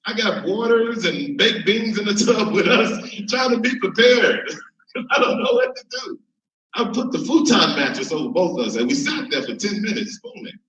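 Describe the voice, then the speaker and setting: This Chicago comic delivers stand-up with a bright, high-pitched voice and plenty of animation. He keeps cracking himself up, and the far-off mic gives the sound a roomy feel.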